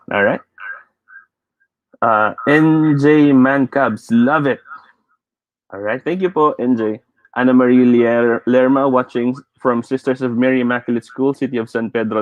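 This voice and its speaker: A Filipino man leads a live online English lesson, upbeat and teasing as he calls out viewers. His voice sits at an everyday pitch. The sound is dry and a bit dull, like a basic computer mic. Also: no room sound. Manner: lively, playful, greets viewers by name.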